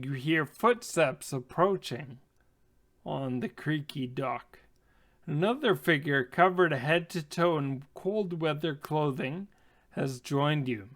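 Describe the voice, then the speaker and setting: A man narrating as game master of a tabletop game, unhurried and full of fillers. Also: a little high, fairly bright tone.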